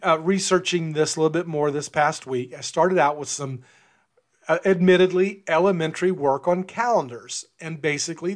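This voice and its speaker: A man giving an informal sermon and Bible teaching, talking conversationally and often repeating words as he restarts. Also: a little high. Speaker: preacher.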